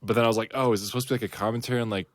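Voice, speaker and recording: A man co-hosting a casual rewatch podcast, making wry deadpan jokes. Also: on the low side, rapid-fire, dry recording. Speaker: podcast co-host.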